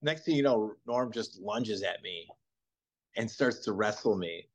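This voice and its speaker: Low-voiced man telling a funny story. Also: a little slow. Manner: animated, laughs while telling, acts out quotes. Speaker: guest comedian. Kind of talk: anecdotal storytelling.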